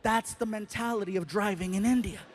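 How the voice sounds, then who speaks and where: Man, stand-up comedian, high-pitched, animated storytelling, faint background noise, live stage. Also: a little fast. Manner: animated, acts out scenes with sound effects.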